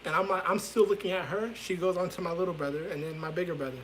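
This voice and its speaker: A man's voice: high voice, steady tone, quick pace, slight background noise, rough recording. Young man telling a candid story. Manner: candid, rambling, swears freely. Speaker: vlogger. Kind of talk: casual storytime vlog. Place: his bedroom at home.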